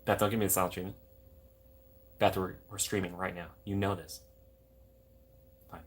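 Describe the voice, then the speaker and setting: Husky-voiced man chatting on a livestream. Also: low-pitched, little pitch movement, moderate pace. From Minnesota. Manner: rambling, jokey tangents. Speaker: livestream host. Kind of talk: casual livestream chat reading viewer comments.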